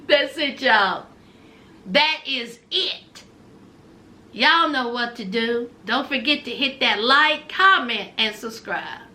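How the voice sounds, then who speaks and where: A woman's voice: fairly high pitch, lively intonation, slow, long pauses, pushed and bright. A woman giving a sassy, dramatic gossip recap of a reality TV episode, calling her viewers honey and y'all.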